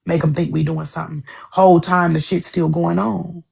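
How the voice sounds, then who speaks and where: A woman's voice: lowish voice, steady tone, moderate pace, creaky, a little mellow, slightly rough. A woman co-hosting a podcast, talking in a heated, profane, repetitive way in casual chat. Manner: heated, profane, repeats herself.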